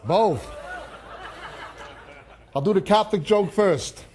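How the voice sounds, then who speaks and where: A man with a notably high voice giving a sermon. He tells jokes in a lively, storytelling way, then turns to reading scripture verse by verse. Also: slow pace. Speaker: Bible teacher.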